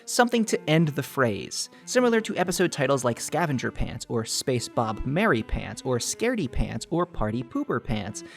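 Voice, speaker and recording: Faint music plays beneath this YouTube host's mock-serious video essay, where he delivers exaggerated analysis with grave earnestness while nearly cracking up. His mid-pitched voice rises and falls in lively bursts at a moderate pace, with vocal fry and few pauses.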